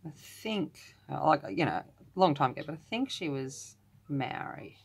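Australian woman, low and a little husky, casual at-home colouring chat with rambling, self-deprecating asides. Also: sing-song, normal speed. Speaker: colouring channel host. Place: room at home with the door closed.

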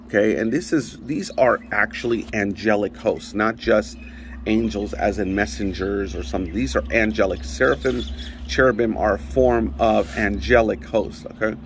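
Rambling, low-voiced male Bible teacher. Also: normal speed, a little hiss or hum. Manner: conversational and rambling, with frequent restarts. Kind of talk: casual Bible study teaching.

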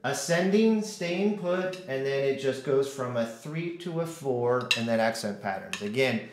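A man's voice: medium pitch, lively intonation, measured pace, echoey room. A man teaching drums in a casual way, counting out stickings and humming rhythms. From United States. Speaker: drum teacher. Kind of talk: casual instructional talk.

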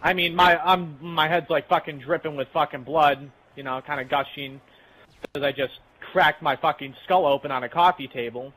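A man's voice: on the high side, fairly even intonation, moderate pace, sharp tone, poor audio. A young man casually telling a rambling, profane story while playing a game with friends. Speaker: channel host.

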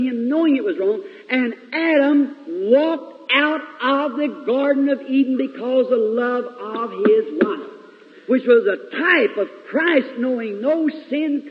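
A man preaching a sermon in a large church, storytelling dramatically with sudden swings between loud and hushed delivery. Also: very high voice, slightly rough. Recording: lo-fi 1950s reel recording, long hall reverb.

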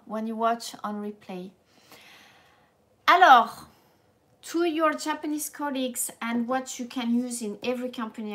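A woman with a French accent teaching a live language lesson in a playful, animated way, laughing often and slipping into French. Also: a little high.

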